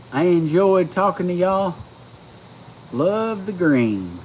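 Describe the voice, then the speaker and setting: A man, chatting casually with viewers on a live stream, folksy and excitable. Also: high-pitched, takes it slowly, pauses often, a little hiss or hum, rough recording. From Georgia, US. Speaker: livestream host.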